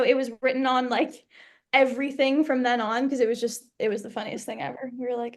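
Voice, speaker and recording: A woman's voice: sits high, fairly even intonation, fairly quick. A young woman, a guest actress, telling stories in a bubbly, laugh-filled way during a casual interview. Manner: bubbly, laughs often, storytelling.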